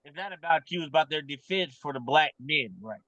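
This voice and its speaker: A man's voice: fairly high pitch, lively intonation, brisk, pushed and bright, dry recording. A man co-hosting a casual podcast, earnestly explaining his point. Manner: earnest, explaining, repeats "you know what I mean". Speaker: podcast co-host. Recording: dry, dull lo-fi audio.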